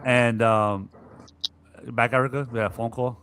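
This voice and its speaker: A man's voice: medium pitch, normal speed, noisy background. A man co-hosting a sports podcast, talking casually and animatedly about basketball and acting out players' frustration. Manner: animated, acts out players' griping with profanity. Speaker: podcast co-host.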